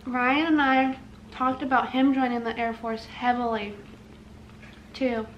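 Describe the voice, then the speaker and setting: A woman's voice: a little high, steady tone, measured pace, muffled recording, slight background noise. A young woman vlogging, chatting casually and reading out questions to her husband. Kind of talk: casual chat.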